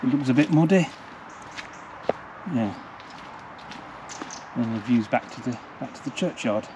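A man's voice: mid-range voice, lively intonation, measured pace. Chatty man vlogging on a village walk. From England. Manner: chatty, rambling, repeats words. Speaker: travel vlogger. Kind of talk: casual walking vlog narration. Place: outdoors in a village, walking. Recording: outdoor recording with clear traffic noise.

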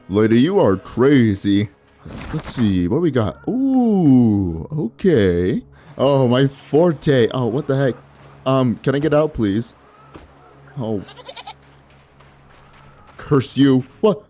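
A man hosting a casual gameplay video, reacting in a playful, jokey way with quick exclamations. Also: mid-range voice, very animated, warm tone, soft background music. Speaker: gaming channel host.

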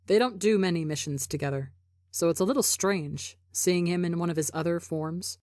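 A woman reading a story aloud for a podcast, measured and expressive. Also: fairly low pitch, no echo, studio quality. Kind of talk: audiobook narration of fan fiction.

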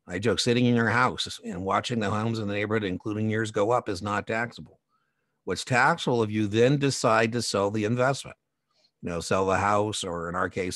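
A man's voice: lowish voice, a bit bright, no echo, studio quality. A man teaching an exam prep lecture in a chatty, digressive way, full of personal anecdotes and asides. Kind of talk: conversational recorded lecture.

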